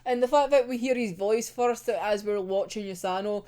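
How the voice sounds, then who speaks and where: A woman's voice: a little high, expressive, normal speed, a little mellow. A woman recapping an anime episode in casual talk, laughing often, swearing freely and acting out the characters' lines.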